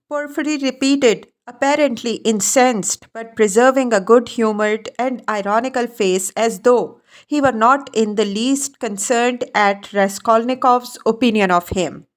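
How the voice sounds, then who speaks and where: A woman narrating a classic novel audiobook in a measured, even reading. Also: a little high. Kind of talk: scripted narration.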